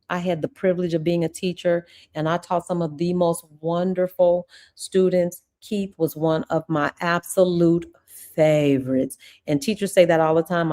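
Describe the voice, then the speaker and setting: Woman host, ex-teacher, live chat with viewers; mellow tone, gushing and chatty. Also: fairly low pitch. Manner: effusive, chatty, calls viewers "y'all". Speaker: channel host; former teacher. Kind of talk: casual livestream chat with viewers.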